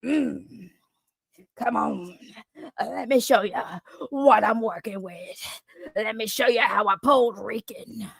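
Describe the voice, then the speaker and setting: A crude, sleazy woman character with a low, gravelly rasp that grinds through every drawled taunt, as a woman puts her on. She sneers and teases in a close, dry-sounding voice. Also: slow pace, pauses often, dry recording, exaggerated voice. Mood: sleazy teasing.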